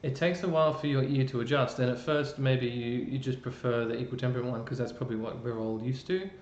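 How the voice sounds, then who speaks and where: On a live stream, an Australian music presenter explains music theory in loose, chatty talk with frequent ums and restarts. His voice is fast, steady and somewhat dark, and the audio sounds roomy and a little muffled over a faint rumble.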